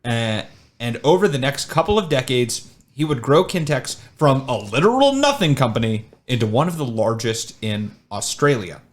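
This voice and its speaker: A man's voice: mid-range voice, moderate pace. A young man hosting a podcast, casually telling a true crime story and teasing his co-host. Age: young adult. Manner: teasing, rambling, lively storytelling.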